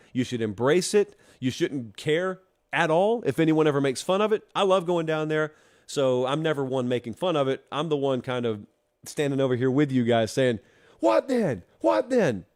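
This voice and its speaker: The host of a college football talk show, a man from Georgia with a medium-pitched voice, gives opinionated takes straight to the fans. His manner is wry, teasing and emphatic.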